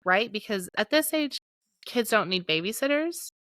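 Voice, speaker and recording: A woman in her late thirties co-hosts a podcast in casual chat, telling stories, laughing often and acting out quotes. Her mid-range voice is animated and fairly bright at normal speed, on a dry recording.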